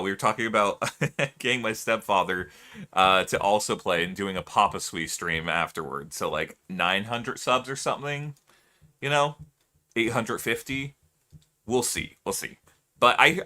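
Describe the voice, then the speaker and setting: A man's voice: lowish voice, bright, forceful tone. A man streaming live, chatting casually with his viewers, laughing often and musing aloud.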